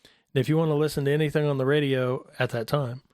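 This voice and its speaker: A middle-aged man telling a personal faith story in a casual talk, animated and acting out the voices of the people in it. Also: quick pace, no room sound, clean studio sound. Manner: animated, acts out quoted voices in a higher pitch. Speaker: guest telling his testimony.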